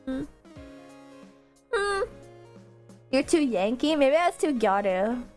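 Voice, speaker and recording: A woman's voice: high-pitched, big pitch swings, takes it slowly, faint music behind. A woman streamer chatting casually with her viewers, rambling into tangents and laughing often.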